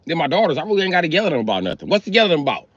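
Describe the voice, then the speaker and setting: A man's voice: a little high, big pitch swings, rapid-fire, no echo. A middle-aged man on a livestream, ranting bluntly and crudely in a heated, comic way. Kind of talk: profane comic rant on a livestream. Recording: slightly dull lo-fi stream mic.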